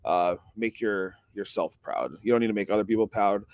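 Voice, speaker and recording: A man's voice: fairly low pitch, fairly quick, no echo, clean studio sound. A tired man hosting a casual sports livestream, rambling with lots of fillers and restarts. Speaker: sports show host.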